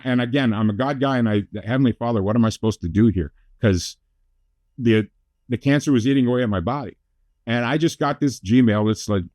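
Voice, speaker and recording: A man's voice: fairly low pitch, a little mellow, no echo. A middle-aged man from Canada, telling his life story as a talk-show guest with self-deprecating jokes. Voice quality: jokey self-deprecating storyteller, quick asides. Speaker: guest, motivational speaker.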